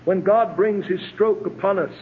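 A middle-aged man preaching a sermon as a pastor, with emphatic swells and sudden hushed drops. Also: high voice, normal speed. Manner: emphatic preaching, rising to ringing climaxes and dropping to hushed tones. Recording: tinny phone-like old sermon tape with faint hiss.

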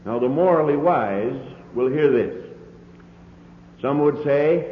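A man's voice: mid-range voice, slow pace, long pauses, a little hiss or hum. A man preaching a sermon, earnest and emphatic, with repeated phrases, heard on an old lo-fi recording. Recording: tinny lo-fi old sermon recording, roomy hall echo.

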